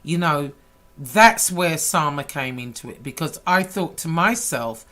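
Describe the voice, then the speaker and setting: A woman YouTuber delivering a heated, profane rant to camera, swinging between loud outbursts and low, intense talk. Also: lively intonation, measured pace.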